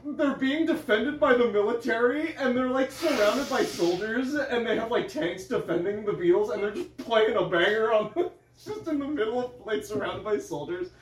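A young man co-hosting a casual chat show, excitable, swearing often and laughing a lot. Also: very high voice, normal speed, hardly any pauses, a little hiss or hum. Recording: echoey room, mic far off.

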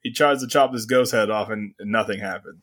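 Animated man hosting a comic book podcast. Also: on the low side, a little hiss or hum. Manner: animated, acts out characters' lines in quick voices, laughs often. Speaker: podcast co-host. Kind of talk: casual comic book review chat.

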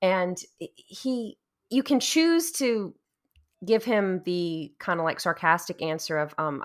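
Lively woman from Louisiana, chatting. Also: fairly low pitch, slow. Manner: animated storytelling, laughs often. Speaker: podcast co-host. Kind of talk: casual chat about a video game.

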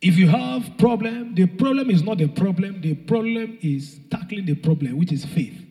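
A young man preaching a rousing sermon, shouting and half-singing phrases and calling out to the congregation. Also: high-pitched, animated, moderate pace. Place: church hall. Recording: long hall reverb.

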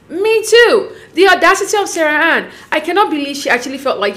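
A woman giving a casual, sassy recap of a reality show, speaking expressively with sudden jumps in pitch. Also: big pitch swings, brisk, hardly any pauses, fairly bright tone.

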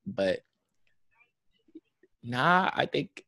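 A man's voice: mid-range voice, sing-song, extremely slow, creaky, sharp tone, no echo. A young man from Jamaica with a New York accent, talking in a rambling casual chat full of fillers.

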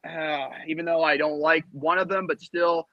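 A man's voice: on the high side, fairly even intonation, normal speed, no room sound, dull audio. A man hosting a podcast panel chat, ranting heatedly and repeating himself. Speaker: podcast host.

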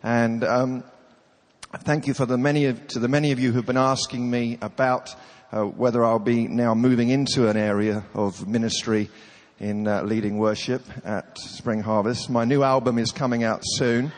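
A man's voice: medium pitch, little pitch movement, normal speed. Chatty male preacher with a cold, hall echo. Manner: self-deprecating, chatty, dry humor. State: coughing, has a cold. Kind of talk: humorous sermon storytelling. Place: large hall with audience. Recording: reverberant hall.

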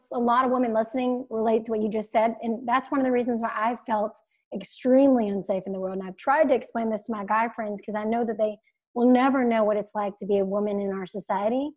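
Higher-voiced woman podcast host. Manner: agreeable, rambling with restarts. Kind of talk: casual interview chat.

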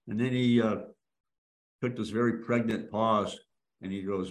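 A man's voice: fairly low pitch, unhurried. Man telling a story on a video call. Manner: warm-hearted, many restarts, animated emphasis.

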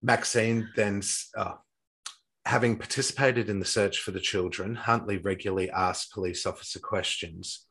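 A man's voice: low voice, fairly bright tone, breathy edge, poor audio. A man retelling a true crime case from notes in casual talk, stumbling and restarting often. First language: not English-accented, says his English accent is poor.

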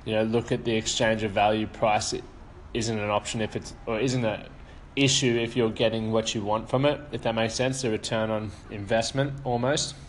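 A man leaving a relaxed, hesitant voice message for a podcaster, asking a question with frequent fillers. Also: lowish voice, normal speed, few pauses, a little hiss or hum. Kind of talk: casual voice message.

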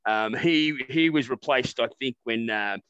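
An Australian man co-hosting a satirical podcast, rambling and animated, swearing freely in casual banter. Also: mid-range voice, a little slow, clear, resonant tone, no room sound, muffled recording. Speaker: podcast co-host.

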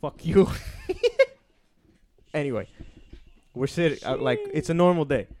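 A young man co-hosting a casual podcast, telling profane, animated stories and acting out the dialogue. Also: a little high, a little slow. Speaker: podcast co-host. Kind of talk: casual storytelling chat.

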